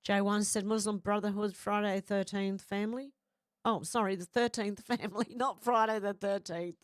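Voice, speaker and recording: A woman's voice: mid-range voice, steady tone, normal speed, no echo, clean studio sound. A woman who has a cold and a runny nose, chatting casually on a livestream and reading out viewer comments with frequent apologies.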